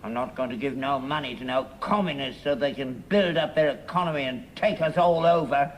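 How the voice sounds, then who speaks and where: A man's voice: mid-range voice, brisk, close to an everyday voice. An actor playing a grumpy, stubborn old father, talking in a sour, grumbling way. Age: older. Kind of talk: 1960s-70s TV sitcom acting. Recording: hissy archive TV recording with far audience laughter.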